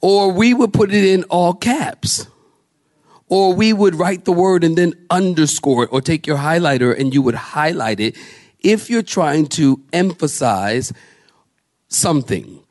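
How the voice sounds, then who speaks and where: Preaching pastor, fairly high-pitched man. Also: expressive, darkish tone. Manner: preaching with call-and-response questions to the congregation; slows and drops low for scripture names, rises high for emphasis. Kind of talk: sermon.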